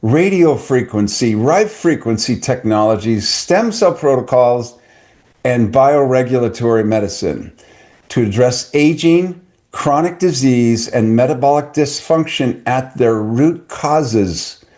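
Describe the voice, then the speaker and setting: A man's voice: medium pitch, animated, a little slow, darkish tone. A middle-aged man hosting a podcast, chatting casually with an eager, salesy enthusiasm. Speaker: podcast host. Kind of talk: casual online talk.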